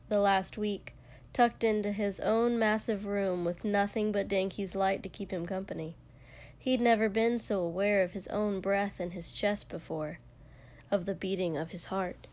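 A woman reading a story aloud at an unhurried pace. Her voice sits mid-range and her delivery is calm and measured. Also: mid-range voice. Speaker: narrator. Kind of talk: fan fiction reading.

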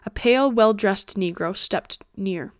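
A woman podcast host narrating a classic novel in a steady audiobook reading. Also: mid-range voice, a little slow, no echo, clean studio sound.

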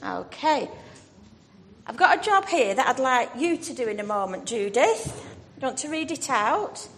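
A woman's voice: high voice, very animated, moderate pace. A woman leading an all-age church talk, encouraging children and calling them by name. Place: church hall. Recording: reverberant church hall, faint music.

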